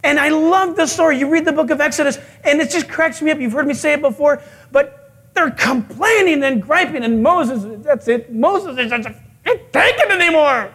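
A male pastor preaching a sermon, telling stories with animated acted-out quotes and chuckles. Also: extremely high pitch, moderate pace.

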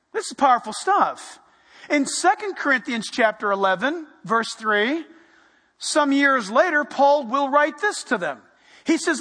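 A man preaching a sermon, animated and playful, dropping to a hush for emphasis. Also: very high voice, normal speed, big-room sound. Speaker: pastor.

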